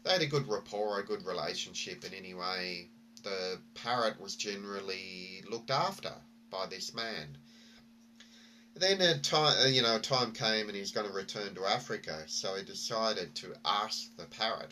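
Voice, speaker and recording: A man's voice: lowish voice, normal speed, sharp tone, slight background noise. A man vlogging, telling a story and reflecting in a rambling way with many fillers and restarts.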